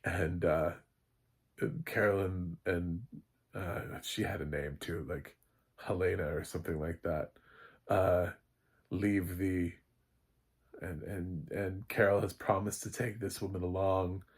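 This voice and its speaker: A man's voice: low voice, steady tone, slow pace, pauses often, husky. A man who is a film critic, giving a casual, rambling spoken recap of a TV episode and often laughing at his own jokes.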